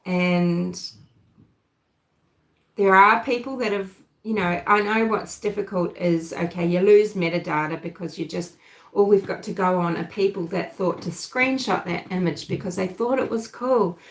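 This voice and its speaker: A woman from New Zealand with a softened New Zealand accent, hosting a casual true-crime livestream and chatting with viewers. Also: on the low side, normal speed, roomy sound, poor audio. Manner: chatty, thinks aloud, answers live chat. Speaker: livestream host.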